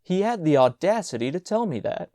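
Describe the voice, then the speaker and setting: Shrill prissy schoolmaster, a guy putting him on, swoops up high when outraged, dry close sound. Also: big pitch swings, a little fast, mellow, no echo. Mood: aggrieved. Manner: outraged exclamations. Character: shrill, indignant, prim new schoolmaster.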